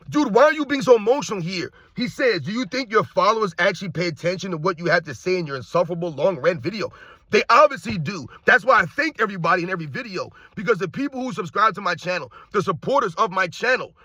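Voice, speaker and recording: Loud ranting man, high and bright. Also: no room sound, clean studio sound. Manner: loud, projecting, animated, combative. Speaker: sports commentary YouTuber. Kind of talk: loud opinionated rant.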